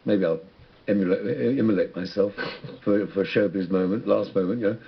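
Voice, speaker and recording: A husky man with a low voice speaks as a radio interview guest. He muses in a rambling, reflective way and keeps restarting his sentences. The sound is dull and lo-fi. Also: brisk. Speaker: musician guest.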